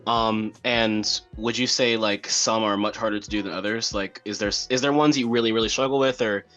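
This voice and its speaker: A man from South Carolina hosting a podcast interview, asking questions in a relaxed way. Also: fairly low pitch, fairly quick, faint music behind. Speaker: podcast host. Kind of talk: casual interview chat.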